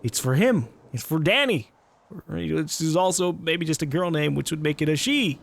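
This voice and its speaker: A gaming YouTuber playing through a horror game, thinking aloud, swearing and yelling at the screen. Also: male voice, fairly high pitch, normal speed, gravelly. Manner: excitable, swears, shouts at the game. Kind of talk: horror game let's play commentary. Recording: game music behind the voice.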